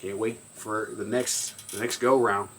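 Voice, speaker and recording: A man chatting casually about meeting his family, halting and repeating words with many fillers. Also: fairly low pitch, fairly even intonation, fairly bright tone, slight background noise. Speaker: newly found brother. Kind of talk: casual emotional chat. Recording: faint outdoor ambience with crickets.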